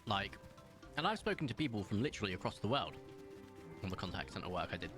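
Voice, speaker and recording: A man's voice: lowish voice, very animated, fast, a bit bright, soft background music. A man from England, chatting casually with his live-stream chat while gaming and laughing often. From southern England.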